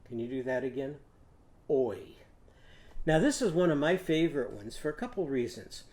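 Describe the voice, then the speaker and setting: An older man, a teacher, leading a children's phonics lesson in a gentle, patient way and prompting the kids to repeat after him. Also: on the high side, animated, fast talker.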